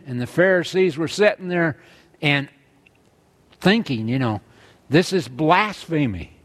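A man's voice: a little high, animated, a little slow, a bit bright. A man preaching a sermon, earnestly reading scripture aloud and driving his points home with emphasis.

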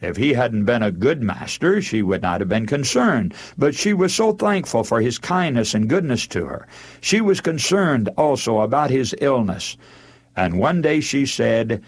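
Guy preaching, husky voice, swings his pitch all over, acts out the parts as he tells the story. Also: a little slow. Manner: animated storytelling, acting out the characters' lines. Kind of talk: sermon retelling a Bible story.

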